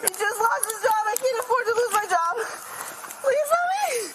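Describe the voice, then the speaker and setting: A woman's voice: extremely high pitch, lively intonation, moderate pace, very noisy. A woman arrested after a 911 call, crying and pleading desperately, heard through bodycam audio. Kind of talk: bodycam footage.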